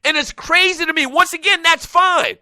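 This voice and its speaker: A man's voice: very high voice, moderate pace, sharp tone, no room sound. A man hosting a sports talk show, ranting in a fired-up way and repeating himself as he makes his points. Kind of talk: animated sports talk rant.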